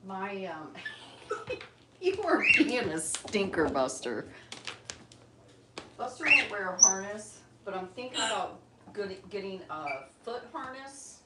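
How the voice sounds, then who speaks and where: A woman's voice: mid-range voice, very animated, slow, pauses often. A middle-aged woman hosting a casual livestream at home, chatting and sweetly coaxing her pet bird, recorded on a phone on a tripod. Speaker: bird channel host. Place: home, indoors. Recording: roomy, distant phone mic, loud noise.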